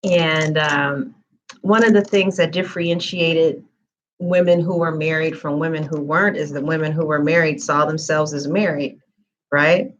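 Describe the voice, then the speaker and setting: A woman's voice: low voice, fairly even intonation, moderate pace, slight background noise. A woman giving a tarot reading in a casual, chatty live-stream manner with lots of fillers. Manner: chatty, conversational, frequent fillers. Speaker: tarot reader.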